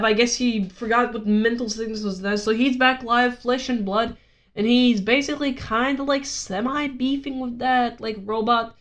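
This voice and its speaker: A woman's voice: on the high side, fairly bright tone. A woman vlogger ranting casually, rambling and sarcastic, swearing often.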